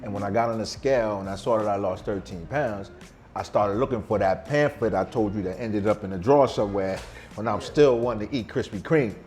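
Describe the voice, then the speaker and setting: A man's voice: lowish voice, fairly quick, darkish tone, soft background music. A middle-aged man, a vegan chef guest, talking in an emphatic, slangy, boastful way in a casual interview at a restaurant.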